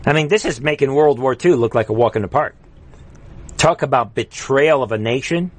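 A man hosting live political commentary in a heated, mocking, rapid ranting manner. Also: mid-range voice. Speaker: host.

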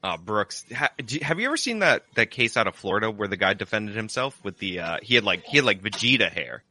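A man's voice: lowish voice, very animated, quick pace, pushed and bright. A man co-hosting a livestream, rambling through casual commentary with frequent restarts. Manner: rambling, restarts, mock impressions. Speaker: livestream co-host.

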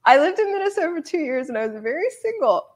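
A woman's voice: sits high, big pitch swings, fast. A woman hosting a casual livestream chat, blunt and joking, often laughing as she talks. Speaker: host.

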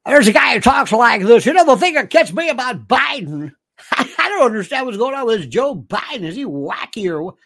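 A host mimicking a spaced-out, goofy old-time radio weatherman, in a loud, wacky, rambling delivery. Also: mid-range voice, big pitch swings, brisk, voice pushed up.

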